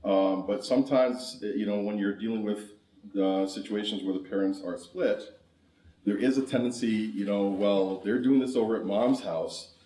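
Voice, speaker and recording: A man's voice: lowish voice, normal speed, warm tone. A man from Canada leading a conference workshop, laughing often and asking the audience questions. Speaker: conference speaker. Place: conference hall. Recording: roomy hall, mic far off.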